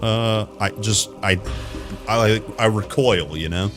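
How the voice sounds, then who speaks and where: A man's voice: lowish voice, takes it slowly, music in the background. A young man live-streaming a game, chatting loosely with viewers, often correcting himself mid-sentence and laughing at the chat. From America. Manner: rambling, self-correcting, answers chat with laughs.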